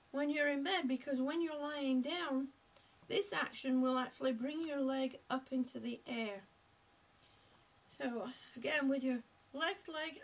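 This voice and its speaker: A woman leading a gentle exercise class, giving step-by-step cues and repeating them to her viewers. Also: high-pitched, recorded from a distance. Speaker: exercise instructor. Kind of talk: live-streamed seated exercise class.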